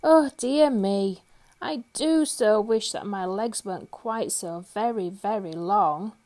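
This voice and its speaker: A woman voicing a gloomy, very tall male storybook character who talks slowly and sighs. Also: on the high side, a little mellow. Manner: sighing, slow and mournful.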